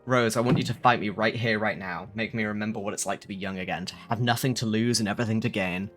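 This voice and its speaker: A man voicing a feeble old veteran fighter in a put-on Northern English accent, gruff and reminiscing. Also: fairly low pitch, steady tone, fast, fairly bright tone, faint music behind, natural voice. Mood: challenging.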